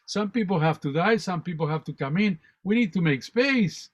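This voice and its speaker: A man putting on a patient, apologetic Death from a storytold fable, a fairly high man's voice that stays close to his own. The sound is dull and lo-fi, like a streamed radio call. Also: expressive, moderate pace. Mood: calm explaining. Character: Death personified, calm and matter-of-fact. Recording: dull lo-fi online radio audio.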